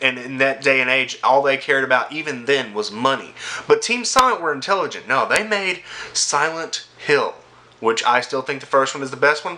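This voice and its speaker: A young man ranting about video games, angry and sarcastic, swearing constantly and yelling at times. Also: medium pitch. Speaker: gaming vlogger. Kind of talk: profane gaming rant to camera.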